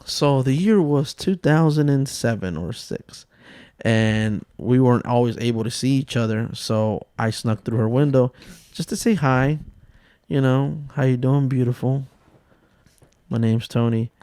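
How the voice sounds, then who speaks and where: A man's voice: medium pitch, unhurried, darkish tone, smooth, no echo. Joking, swearing man on a podcast. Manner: loose, joking, swears a lot, laughs often. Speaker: podcast co-host. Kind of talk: casual podcast chat.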